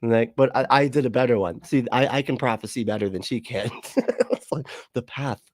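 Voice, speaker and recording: A man riffing sarcastically on a livestream, profane and quick to laugh. His voice sits in an ordinary middle range, recorded dry and close with no room around it. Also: medium pitch, no room sound. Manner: mocking, profane, laughing often. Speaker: livestream commentator. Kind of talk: sarcastic reaction commentary.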